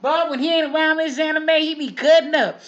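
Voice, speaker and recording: A woman's voice: high-pitched, fairly even intonation, quick pace, muffled recording, close to an everyday voice. A woman playing a gossipy, nosy neighbor lady who watches the street from her window, in a folksy, chatty comic monologue full of repeated asides. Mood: gossiping.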